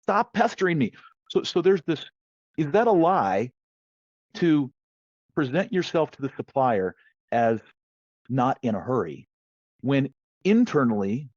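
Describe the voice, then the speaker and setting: Male podcast guest, lively storyteller, medium pitch, lo-fi dry recording. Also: unhurried, pauses often, no echo. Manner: lively storyteller who acts out quoted voices. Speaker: sales negotiation guest. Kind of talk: conversational podcast interview. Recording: dull, slightly lo-fi dry sound.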